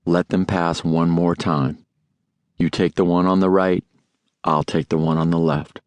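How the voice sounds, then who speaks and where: A man voicing a steady, commanding father who hunts, giving quiet, firm instructions. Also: low voice, a little slow, no room sound. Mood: hushed commands. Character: gruff Southern father, a hunter, steady and commanding.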